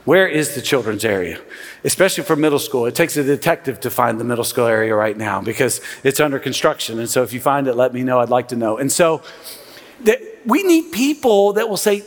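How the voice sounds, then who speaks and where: A middle-aged man, a pastor, preaching a sermon in a conversational, animated way with sarcastic asides and frequent restarts. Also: mid-range voice, fairly quick. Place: large church sanctuary. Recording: long reverb of a large church hall.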